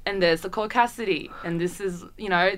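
Podcast co-host, woman, bright lively delivery, quick to laugh. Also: mid-range voice. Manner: animated, laughs often, dramatic gasps. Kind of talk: casual chat.

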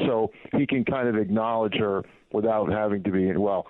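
His voice sits on the low side, steady in tone and moderate in pace. A middle-aged guest and ex-baseball PR director, he rambles through stories on a casual radio interview, restarting often and using many fillers, all over a tinny, dry phone connection.

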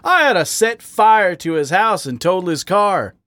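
A man's voice: medium pitch, animated, takes it slowly, no echo. A man voicing a weary, dejected gay raccoon at a bar who mutters and grumbles.

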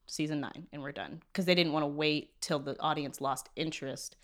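A young woman co-hosting a casual chat, telling animated stories and quoting people in voices. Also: low voice, moderate pace. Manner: animated storyteller, quotes people in voices, drops soft asides.

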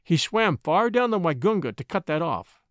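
A man's voice: a little high, big pitch swings, normal speed, dry recording, studio quality. A man voicing a loyal young male wolf, matter-of-fact and conspiratorial, in an audiobook story. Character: male wolf, Mowgli's brother, loyal, scheming.

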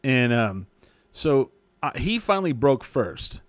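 A man's voice: medium pitch, very animated, slow, no echo. Man from New Mexico, casual rambling storyteller, dry close sound. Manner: rambling, profane, laughing often.

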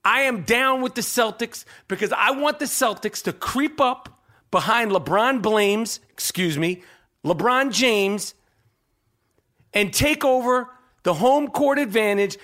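A man's voice: very high voice, a little slow, bright, forceful tone. Brash, profane male podcast host. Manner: brash, profane and rambling, with repeated "okay?". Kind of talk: sports talk and host-read ad.

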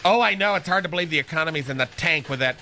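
A man's voice: a little high, very fast, pushed and bright, a little hiss or hum. A man doing Phil, a campy gossipy receptionist. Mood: catty. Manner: campy, gossipy, one-sided phone chatter. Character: flamboyant gay male phone receptionist, catty. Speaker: comedy sketch character. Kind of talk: radio comedy sketch.

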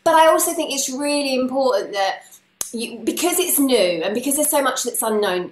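A woman's voice: sits high, animated, normal speed. A woman guest on a podcast, talking in an earnest, heartfelt way in casual conversation. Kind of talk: casual chat. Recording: roomy echo with faint noise.

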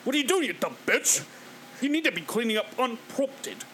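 A man voicing a petty, bossy boyfriend who scolds in a sneering, shouty way. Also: very high-pitched, sing-song, moderate pace, slight background noise, voice pushed up, heavily acted. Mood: scolding.

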